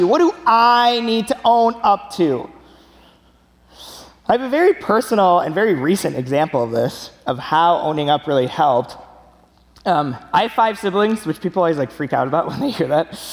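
A young man preaching a sermon in a church, telling stories with an animated, laughing delivery. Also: high voice, long reverb tail. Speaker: pastor.

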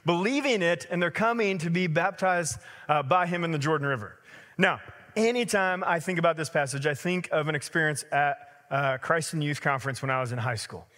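High-voiced man preaching in a hall. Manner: conversational, energetic storytelling with many fillers. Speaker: pastor. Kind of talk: sermon.

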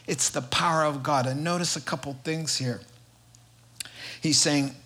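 A man's voice: a little high, fairly even intonation, measured pace, pauses often, bright, forceful tone. A man preaching a sermon, telling a story with emphasis and building repetitive rhetorical lists.

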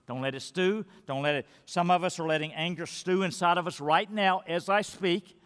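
A man preaching a sermon as pastor, swinging between loud, emphatic peaks and hushed, quiet lines. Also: high voice, moderate pace, clear, resonant tone. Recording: long reverb of a large hall.

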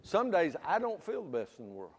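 Preacher guy, 50s, fairly high voice, booms then drops low, echoey hall. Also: huge pitch swings, brisk, slightly rough. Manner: preaching with sudden loud emphatic bursts and dropped asides. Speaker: pastor. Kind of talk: sermon.

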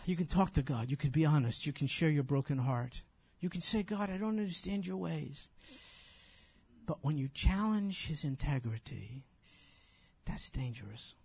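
A man's voice: on the high side, animated, normal speed, vocal fry, darkish tone, breathy edge. A man preaching a conversational sermon, asking his listeners rhetorical questions and explaining a scripture passage.

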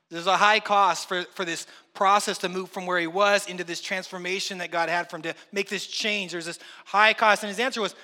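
A man's voice: high voice, fairly even intonation, brisk, few pauses, bright, forceful tone. A man preaching a sermon, reading scripture and then talking it through in a conversational way, acting out everyday voices. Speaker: pastor. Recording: long hall reverb.

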